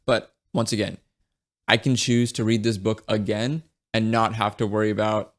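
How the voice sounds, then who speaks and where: A man's voice: on the low side, little pitch movement, normal speed. A man giving a casual, blunt book review, swearing freely and often restarting his sentences. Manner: blunt and profane, with frequent restarts.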